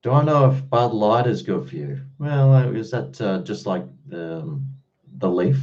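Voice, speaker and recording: A man's voice: lowish voice, lively intonation, normal speed, darkish tone, dull audio. Blunt Australian man chatting on stream. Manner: blunt, swears freely, chatty. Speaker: live streamer answering chat. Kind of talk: casual live-stream chat.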